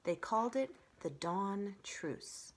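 A woman reading a children's chapter book aloud in an expressive storytelling manner. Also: medium pitch, takes it slowly.

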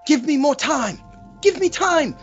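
A woman's voice: fairly low pitch, big pitch swings, slow pace, highs cut off, soft background music. A woman voicing a small, nervous male hobbit who tries to sound bold, in a storybook reading. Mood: panicked.

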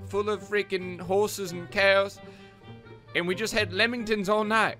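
A man's voice: high voice, fairly even intonation, measured pace, pushed and bright, soft background music. A man putting on a slangy Aussie-Kiwi bloke. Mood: laid-back banter. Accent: put-on Australian-New Zealand. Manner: rambling, crude slang-heavy banter. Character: laid-back slangy young male footballer, cheeky.

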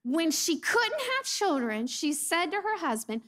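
A woman preaching a sermon. She is a mother who acts out the lines she quotes and sometimes drops to a soft near-whisper. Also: very high-pitched, very animated, unhurried.

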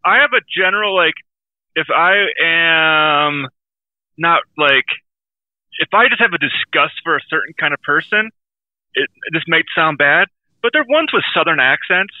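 A man's voice: fairly high pitch, lively intonation, measured pace, no room sound, phone-quality sound. A man co-hosting a podcast in casual chat, talking candidly and rambling with self-aware asides. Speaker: podcast co-host.

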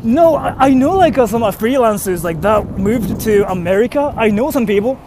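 High-voiced young man vlogging outdoors. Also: lively intonation, moderate pace, noisy background. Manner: rambling, with fillers and self-questioning. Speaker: freelance translator and voice actor. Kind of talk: casual vlog talk while walking. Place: outdoors on a street, walking to a station.

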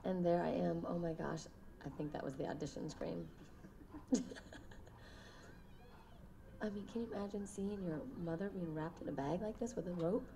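A woman gives film commentary in a low, gravelly voice with a dark, mellow tone. She talks in an animated, exclaiming way, with faint noise in the background. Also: normal speed, long pauses. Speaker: actress. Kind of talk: recorded commentary interview.

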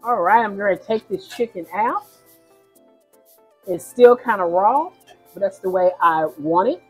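A woman's voice: medium pitch, animated, unhurried, soft background music, low-quality recording. A woman cooking at the stove in a home kitchen, chatting casually and narrating each step for her viewers. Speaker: home cook.

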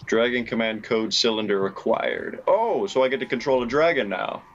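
Excitable man narrating his gameplay. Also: mid-range voice, normal speed, dull audio, slight background noise. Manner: excitable, laughs often, chatty. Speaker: gaming YouTuber. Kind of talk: casual let's play commentary.

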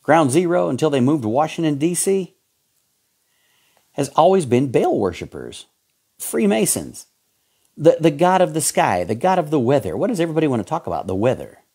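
A male pastor with a Southern accent preaching with fervor and urgency. His voice swoops up and down in a lively way as he drives his points home through repetition. He sits at an ordinary, middle pitch for a man. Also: normal speed, vocal fry, breathy edge. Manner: fervent, emphatic, repetitive. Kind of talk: fiery sermon.

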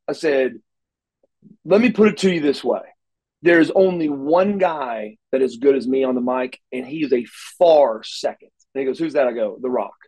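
Here the same kind of wrestler guest is heard through poor audio, his voice on the high side. In a casual interview he spins wrestling stories with animation, performing the quotes and tripping over repeated words.

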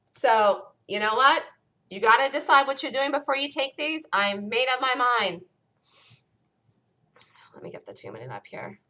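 Bright, urgent woman calling live trades. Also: a little high, big pitch swings. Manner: urgent, rapid-fire calling out prices and stops. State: losing her voice. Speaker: day-trading show host. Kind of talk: live trading commentary. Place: home trading room.

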